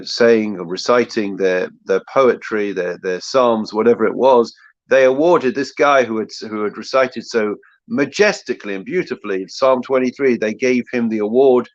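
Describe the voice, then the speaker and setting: A man's voice: on the low side, no room sound, lo-fi sound. A man from England giving a short sermon as a rabbi, telling stories with many restarts. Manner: warm storytelling, frequent restarts.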